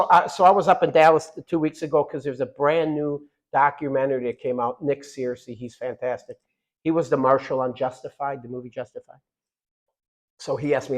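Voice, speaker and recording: A middle-aged man giving a fiery political speech, loud and punchy with repeated lines and quiet asides. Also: on the high side, rough recording.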